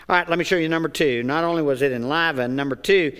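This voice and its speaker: High, bright-voiced preacher in a reverberant church. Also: male voice, brisk, clean tone. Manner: preaching with call-and-response and joking asides. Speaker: pastor. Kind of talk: sermon. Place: church sanctuary. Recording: long church hall reverb.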